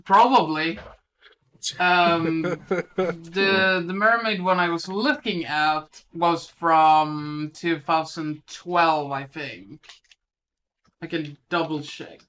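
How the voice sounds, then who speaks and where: Lisping co-host, unhurried and hesitant, in casual film chat. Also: medium pitch, fairly even intonation, a bit bright, dull audio. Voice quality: lisp. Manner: hesitant, lots of ums. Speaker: podcast co-host.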